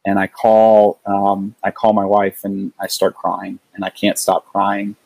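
Middle-aged guy telling a story, earnest, halting, lowish voice, dry close sound. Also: completely flat delivery, creaky, a little mellow, no room sound, rough recording. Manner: earnest, halting, with frequent restarts. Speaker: guest. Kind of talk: casual storytelling.

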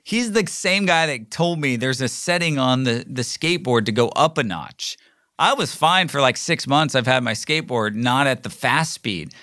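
A man's voice: mid-range voice, animated, normal speed, sharp tone, dry recording, studio quality. A middle-aged man hosting his own podcast, telling a casual story in a rambling way with many fillers and restarts. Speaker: podcast host. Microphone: recording himself solo.

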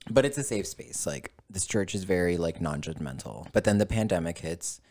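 A man's voice: deep voice, animated, moderate pace, darkish tone. A man guest in casual conversation, telling a story with plenty of swearing and acting out both sides of the dialogue. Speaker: podcast guest.

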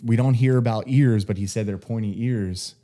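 A man's voice: lowish voice, moderate pace, warm tone. A man co-hosting a casual podcast chat, asking rambling, skeptical questions. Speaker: podcast co-host.

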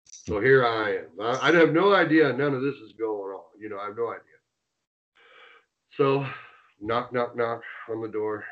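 A man telling a rowdy road story in a casual interview, animated and swearing as he acts out the quotes. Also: mid-range voice, normal speed, highs cut off. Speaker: interview guest, former wrestler.

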